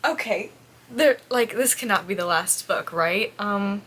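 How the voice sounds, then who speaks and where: A woman's voice: medium pitch, unhurried, fairly bright tone, soft background music. A young woman vlogging about a book series, reading passages aloud and gushing over them in a chatty, emotional way. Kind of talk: reading vlog, reading aloud and reacting.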